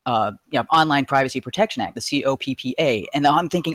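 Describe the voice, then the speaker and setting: A man calling in to a live show, talking fast and emphatically with frustration and profanity. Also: medium pitch, a bit bright, no room sound. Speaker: caller. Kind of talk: heated call-in rant.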